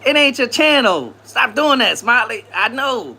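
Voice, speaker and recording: Chill guy w/ on a live stream, bright voice, pitch all over the place, laughing with chat. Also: sing-song, measured pace, vocal fry, slightly rough. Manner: laid-back slangy banter, laughs often.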